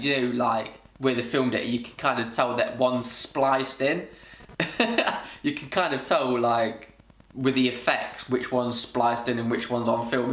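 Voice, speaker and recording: A man's voice: mid-range voice, fairly bright tone. A man in his thirties chatting casually and rambling with many fillers as he reminisces in a vlog. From Britain. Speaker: vlogger. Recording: echoey room.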